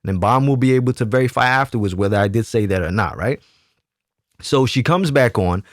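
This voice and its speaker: A man's voice: mid-range voice, fairly quick, no echo. Emphatic man telling a story, dry sound. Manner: emphatic, keeps asking "right?". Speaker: YouTube commentator. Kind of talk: casual storytelling monologue.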